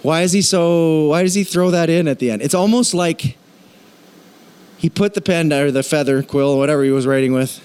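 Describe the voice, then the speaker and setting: Lively higher-voiced male pastor preaching. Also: normal speed, smooth. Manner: animated, playfully acts out voices in quotes. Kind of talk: sermon. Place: church.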